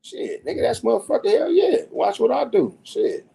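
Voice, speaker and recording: Husky-voiced man telling stories. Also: normal speed, low-quality recording. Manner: animated and profane, acting out quotes with big pitch swings. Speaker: podcast guest. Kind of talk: casual storytelling.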